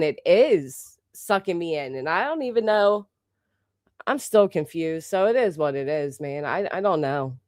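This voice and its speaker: A woman's voice: mid-range voice, no echo. A woman hosting a livestream in a casual, rambling way, swearing freely and restarting her sentences again and again. Her throat is a little sore, and she reads out thanks to members of the chat. The sound is dry and close, with no room around her voice. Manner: rambling, profane, with many restarts. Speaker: livestream host.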